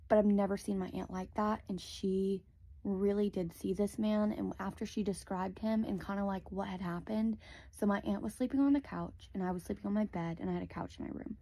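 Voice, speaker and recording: A woman's voice: medium pitch, steady tone, a little fast, gravelly, dark tone, no echo. A young woman telling a personal story in a casual, rambling way, full of "like" fillers, close to a phone mic.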